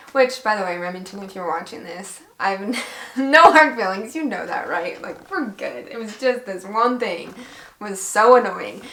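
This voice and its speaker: A young woman vlogger casually recounting a story, chatty and animated, acting out quoted dialogue. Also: medium pitch, moderate pace, roomy sound.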